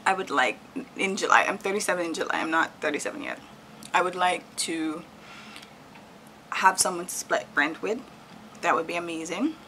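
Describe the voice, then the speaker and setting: A woman in her thirties from Jamaica chats openly about her plans, often breaking into laughter. Her voice sits a little low, with a gravelly, fry-heavy texture and a bright, forceful edge. A faint hum of ambient noise runs under the home recording. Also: expressive, moderate pace, pauses often, poor audio. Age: 30s. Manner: chatty and candid, laughs often. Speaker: vlogger. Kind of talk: casual chat while decorating.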